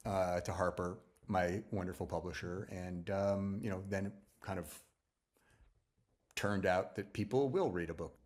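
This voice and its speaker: Chatty novelist man with a lowish voice. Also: normal speed. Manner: chatty, acts out other people's lines in quotes; loose, restarting sentences. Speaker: novelist being interviewed. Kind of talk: anecdotal conversational storytelling.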